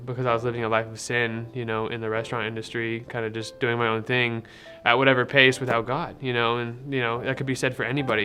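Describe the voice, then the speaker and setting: A young man with a bright, forward voice at a middle pitch tells his faith story in a loose, rambling way. He leans on fillers and acts out past conversations. Soft guitar music plays faintly underneath. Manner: rambling and conversational, many fillers and retold dialogue. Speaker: person sharing a faith testimony. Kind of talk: casual personal testimony.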